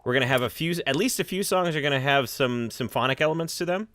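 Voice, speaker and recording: A man's voice: medium pitch, quick pace, a bit bright. A man hosting a casual livestream podcast over a video call, chatty, with frequent laughs and restarts.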